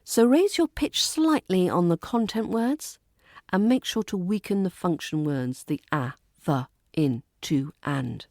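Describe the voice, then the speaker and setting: A woman with a British RP accent, teaching a pronunciation lesson and modelling example sentences slowly and deliberately. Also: on the low side, animated, darkish tone, dry recording, studio quality. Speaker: accent coach.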